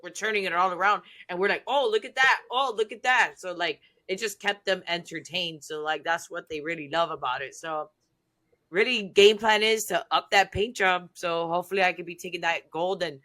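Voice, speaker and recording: A woman chatting on a podcast, telling her story with lots of excitement. Her voice is bright and forward, and her talk is loose, full of "like" fillers and acted-out lines. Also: fairly low pitch, moderate pace. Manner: excitable, animated, heavy use of "like". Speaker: guest.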